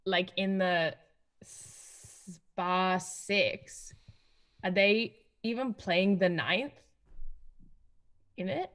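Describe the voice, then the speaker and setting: Woman, student, slow, hesitant, says like a lot. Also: lowish voice, fairly bright tone. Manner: hesitant, full of likes. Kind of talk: asking questions in a live lesson.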